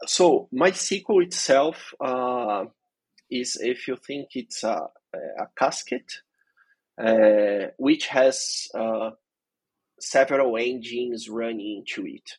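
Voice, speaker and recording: A man's voice: mid-range voice, slow, husky, no room sound, rough recording. A man as a guest expert in a technical interview, explaining things patiently step by step.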